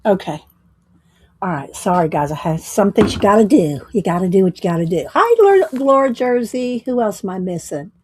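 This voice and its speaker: Speaking at medium pitch with a somewhat mellow voice, a woman hosts a casual livestream, saying hello to viewers by name as she rambles slowly with fillers and soft laughs. A little hiss or hum sits in the background.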